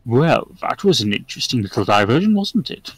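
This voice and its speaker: A man's voice: medium pitch, very animated, a little fast, husky, dry recording, poor audio. A man voicing a sly, smug male devil who talks with an amused drawl.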